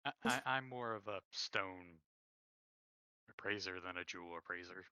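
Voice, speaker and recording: A man's voice: low-pitched, moderate pace, sharp tone, clear, resonant tone, dry recording. A man playing in a tabletop game, haggling a bit hesitantly. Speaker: player. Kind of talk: casual play at a tabletop game. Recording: dull lo-fi voice.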